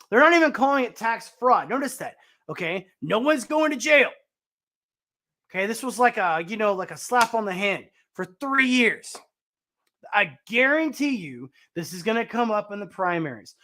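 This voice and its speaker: This casual-show host is a man whose voice sits high with a fairly bright tone. He rants about news clips in blunt terms, swearing and stumbling through fillers and restarts.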